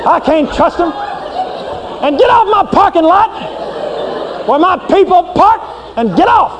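A man voicing a stern holy male God who scolds and banishes a sinner, shouting often. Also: very high voice, sing-song, a little slow, crowd noise, pitched above the performer's own voice, exaggerated voice. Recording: reverberant hall, faint noise.

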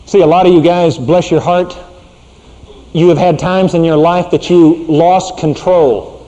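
This middle-aged man, slightly high in pitch, preaches as a pastor in a chatty, folksy style, going quiet and hushed for serious points. A long reverb tail trails after his words.

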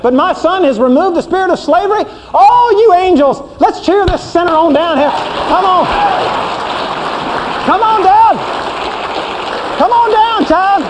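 A preacher voicing a stern, shouting holy God. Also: male voice, very high-pitched, fast talker, hardly any pauses, pitched above the performer's own voice. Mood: urging. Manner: shouting, scolding, forceful. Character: stern holy God, male, banishing a sinner. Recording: reverberant hall, faint noise.

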